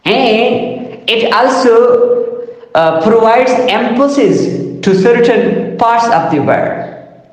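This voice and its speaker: A male teacher with a high voice that climbs and dips a lot as he explains. He speaks slowly and formally, repeating words to drive a point home. The sound rings out with a long, heavy reverb. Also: animated. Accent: South Asian English. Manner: addresses "listeners and audience", repeats words for emphasis. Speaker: lecturer. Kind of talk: slow spoken lecture. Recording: echoey room with long reverb.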